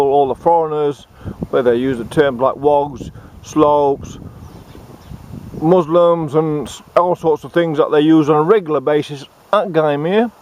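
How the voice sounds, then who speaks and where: A man with an Australian accent delivering a satirical monologue, giving deadpan, sarcastic mock advice outdoors. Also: a little high, slight background noise.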